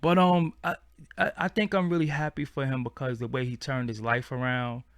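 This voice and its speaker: A man's voice: medium pitch, steady tone, moderate pace, clean tone, dry recording, studio quality. A man, hosting a casual livestream and chatting in a slangy, rambling way. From Brooklyn, New York. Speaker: channel host.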